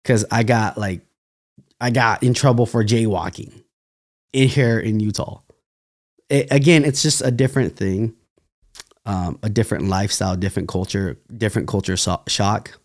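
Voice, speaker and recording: A man's voice: fairly low pitch, moderate pace. A young man from California, a dancer, telling stories loosely in a casual interview, laughing and restarting often. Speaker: podcast guest, dancer.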